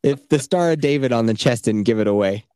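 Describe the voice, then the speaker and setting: Laid-back man with a mellow voice. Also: mid-range voice, a little fast, clear, resonant tone, no room sound, studio quality. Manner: loose, swearing, quotes characters in his own voice. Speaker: podcast co-host. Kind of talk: casual chat, retelling a video game story.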